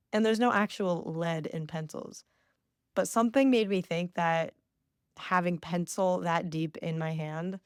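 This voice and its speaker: A woman's voice: lowish voice, clear, resonant tone, no room sound, clean studio sound. A woman in her twenties hosting a podcast, telling a personal story in a chatty, self-mocking way with lots of "like". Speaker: podcast host. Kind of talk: casual solo podcast storytelling.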